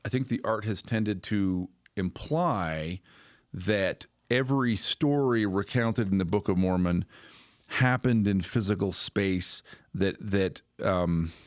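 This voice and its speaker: A podcast host with a lowish voice speaks slowly in a casual, conversational discussion, thinking out loud, restarting sentences, and checking in with "right?". The recording is dry and studio quality.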